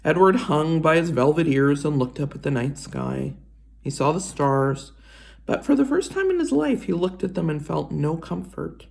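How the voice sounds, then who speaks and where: A woman reading a children's chapter book aloud in an expressive storytelling voice. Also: deep voice, moderate pace, vocal fry. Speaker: reader.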